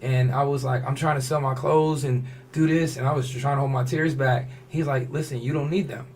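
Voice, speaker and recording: Over slight background noise, a man with a medium-pitched voice talks a little fast. A fashion designer appearing on a podcast, he recounts a personal story in casual slang, animatedly quoting and acting out other people's words.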